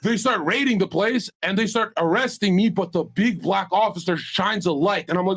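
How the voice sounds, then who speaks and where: A man's voice: sits high, normal speed, fairly bright tone. A man on a debate panel, telling crude stories in a brash, profane way. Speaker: panel guest. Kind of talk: heated panel banter.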